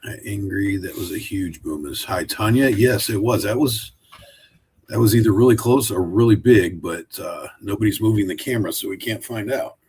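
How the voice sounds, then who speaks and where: Man, low voice, casual home live stream, chatty and rambling, slight background noise. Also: normal speed, a little mellow. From Oregon, USA. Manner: rambling, chatty, talks to his dog. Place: home room, sitting in a wooden chair.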